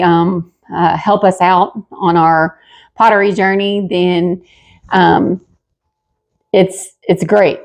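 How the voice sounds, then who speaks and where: A woman's voice: medium pitch, darkish tone. A woman hosting a pottery channel, talking casually with lots of fillers and sounding a bit out of breath. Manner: chatty, homey, many fillers. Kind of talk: casual haul vlog.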